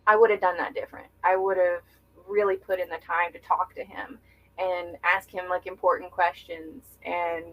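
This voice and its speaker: A woman's voice: mid-range voice, a bit bright, rough recording. A young woman speaking as a podcast guest, reflective and earnest, talking candidly with many filler words. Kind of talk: candid conversational interview.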